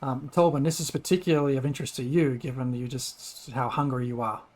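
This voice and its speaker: A man's voice: medium pitch, a little fast. Man narrating as game master. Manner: relaxed, descriptive, hesitant fillers. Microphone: online voice call.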